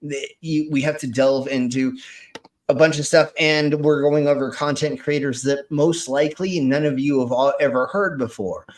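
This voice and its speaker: A man with a slightly high voice hosts a loose, casual stream. He rambles, swears freely and tells stories with animated energy. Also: moderate pace. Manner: profane, rambling, animated storytelling. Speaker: host.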